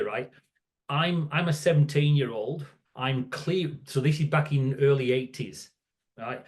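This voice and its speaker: Here a man in his sixties with a mid-range, darkish voice guests on a podcast. His storytelling about work is casual and meandering, full of restarts and repeated "right?" check-ins.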